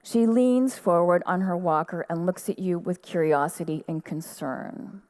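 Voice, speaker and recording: A woman giving a measured, quiet literary reading of her own fiction at an outdoor festival stage. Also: on the low side.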